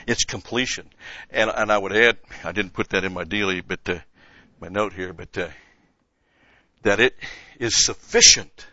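Forceful low-voiced man teaching Scripture. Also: no room sound, highs cut off. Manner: emphatic, rises in pitch and volume on key points, rhetorical questions. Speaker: Bible teacher. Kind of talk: conversational Bible-study sermon.

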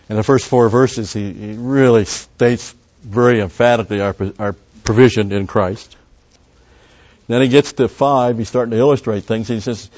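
Man, pastor, sermon, emphatic teaching, muffled lo-fi recording. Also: fairly low pitch. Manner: emphatic, surges louder on key words; teaching, with fillers and restarts. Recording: dull, lo-fi recording.

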